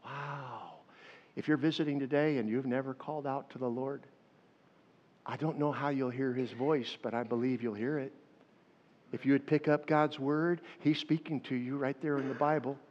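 A man preaching a sermon, dropping to a hush for stories and then rising to loud calls to the congregation. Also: mid-range voice, normal speed. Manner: animated, swings between hushed storytelling and loud calls to the crowd. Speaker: pastor. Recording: dull sound with long hall reverb.

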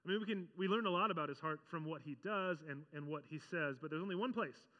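A man preaching a conversational sermon as pastor, animated and often acting out the voices he quotes. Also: a little high, quick pace, in a large hall, muffled recording.

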